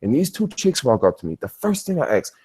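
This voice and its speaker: A man's voice: mid-range voice, sing-song, brisk, a little mellow, husky. A man chatting casually on a livestream from his hotel bedroom, telling stories in a rambling, slangy way. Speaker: travel vlogger.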